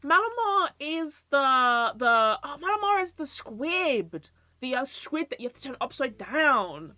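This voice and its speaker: A woman's voice: high-pitched, sing-song, unhurried, pushed and bright, no room sound. A young woman streamer who chats casually and rambles, with easy swearing. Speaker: VTuber streamer.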